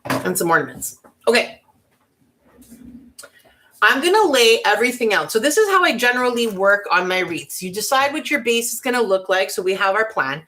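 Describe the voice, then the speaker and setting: Chatty lady doing a craft tutorial, gets all excited, giggles a lot. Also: mid-range voice. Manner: chatty, bubbly, easily excited, giggly asides. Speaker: craft vlogger.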